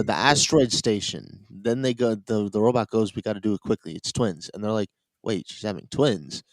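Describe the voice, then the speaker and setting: A man's voice: lowish voice, dry recording, poor audio. Dry-voiced man in casual podcast chat. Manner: rambling, laughs at own points. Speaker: podcast co-host.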